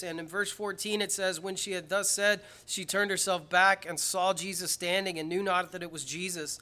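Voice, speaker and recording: A man preaching an Easter-style sermon in a bright, forceful voice pitched a little high. He moves from quiet earnest stretches to loud, emphatic climaxes, reading scripture aloud along the way. Recorded in a church. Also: fairly even intonation, moderate pace, hardly any pauses. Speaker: pastor.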